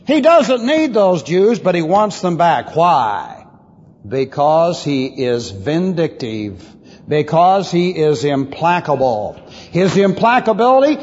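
A man's voice: husky, muffled recording. Emphatic preacher man in a reverberant hall. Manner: emphatic preacher, rhetorical questions, swinging pitch. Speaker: pastor. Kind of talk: expository Bible teaching.

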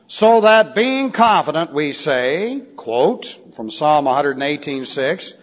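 A man teaching a sermon from the pulpit, explaining Greek verb forms deliberately and spelling words out letter by letter. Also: on the high side, animated. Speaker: pastor. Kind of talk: expository Bible teaching sermon. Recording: dull lo-fi recording in a reverberant church hall.

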